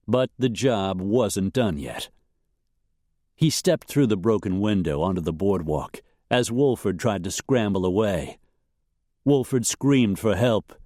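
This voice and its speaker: A man reads a western novel aloud at a very slow, steady pace. His voice sits fairly low, and the dramatic narration is recorded dry and close. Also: no echo. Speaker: audiobook narrator.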